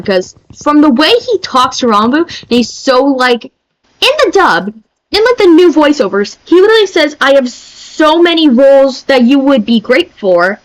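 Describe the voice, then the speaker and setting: A young woman streamer chatting casually in an excitable, rambling way. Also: fairly high pitch, no echo, poor audio.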